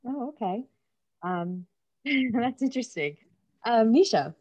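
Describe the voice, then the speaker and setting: A woman moderating a panel, handing out questions with quick encouraging interjections. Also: a little high, expressive, darkish tone, husky, highs cut off. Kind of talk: moderating a panel on a video call.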